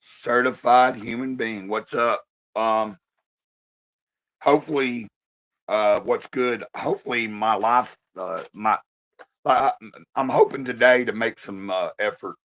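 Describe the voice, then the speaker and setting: A hoarse man in a halting, casual live-stream check-in, talking into his phone with many pauses and fillers. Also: medium pitch, a bit bright, lo-fi sound.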